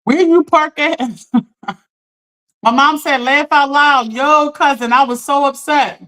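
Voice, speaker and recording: A woman hosting a live stream, telling a story in an animated, chatty way, talking straight to her viewers and laughing often. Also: high voice, slow. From Philadelphia. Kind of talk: casual storytelling to a live audience.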